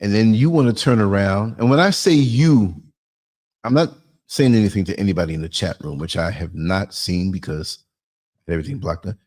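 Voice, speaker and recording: A man's voice: fairly low pitch, moderate pace, darkish tone. Chatty man hosting a livestream. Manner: chatty, laughs often, reads out chat comments. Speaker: podcast host. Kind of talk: casual livestream talk.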